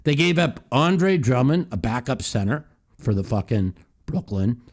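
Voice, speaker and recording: Lively, profane man ranting. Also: medium pitch, unhurried. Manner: profane, heated ranting with mocking quotes. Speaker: call-in show host. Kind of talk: call-in talk show.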